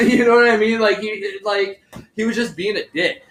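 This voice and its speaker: Casual podcast host, man with a fairly high voice, animated and rambling, recorded in an echoey room. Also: moderate pace. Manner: animated, rambling, lots of filler and swearing. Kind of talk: casual storytelling chat.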